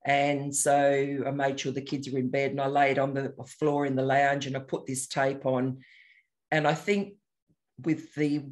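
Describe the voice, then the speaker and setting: An older man, a meditation teacher, talking in a gentle, unhurried, reflective way as he introduces a guided meditation. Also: medium pitch, monotone.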